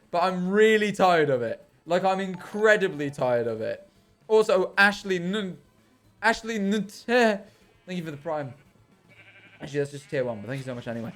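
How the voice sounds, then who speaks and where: A man's voice: high voice, sing-song, normal speed, a bit bright, soft background music. A young British man chatting casually on a live stream while gaming, rambling and ranting with self-deprecating humour. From Britain. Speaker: livestreamer.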